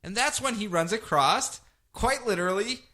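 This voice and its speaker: Animated, bright-voiced male podcast host. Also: high-pitched, moderate pace. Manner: animated, jokey storytelling. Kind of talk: casual chat.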